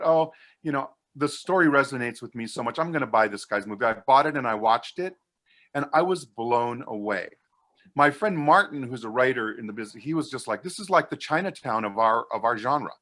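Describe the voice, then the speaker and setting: A man's voice: medium pitch, expressive, fairly quick, pushed and bright. A man chatting casually on a podcast, telling a story with enthusiasm and lots of restarts. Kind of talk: casual chat.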